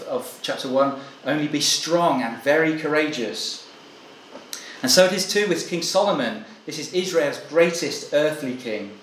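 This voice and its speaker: A male preacher delivers a sermon to his congregation in an echoey church meeting hall, a faint ambient hum behind him. His voice sits at an ordinary middle pitch, and his earnest, measured delivery sometimes stalls and starts again.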